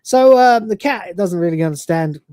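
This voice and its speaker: A podcast host recounting a TV episode in a relaxed, rambling way, laughing often and swearing freely. The voice has a mellow, darker tone and sits at an ordinary middle pitch. It is recorded close on a microphone in a dry room. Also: moderate pace, dry recording. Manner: loose and chatty, swears, laughs a lot. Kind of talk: casual episode review, retelling scenes.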